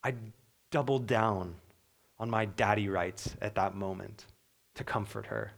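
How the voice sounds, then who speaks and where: A young adult man delivers a sermon as pastor, earnest and unhurried, his fairly low voice creaky and at times sinking to a soft hush.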